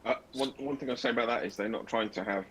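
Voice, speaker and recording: A man's voice: mid-range voice, quick pace, a bit bright, slight background noise. A man on a group voice call giving dry, opinionated asides. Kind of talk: casual chat.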